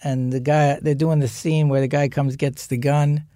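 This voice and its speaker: With a fairly high pitch and a moderate pace, an older man appears as an actor guest in a podcast studio. He spins lively anecdotes in casual conversation, acting out the voices of those he quotes, and there's no echo.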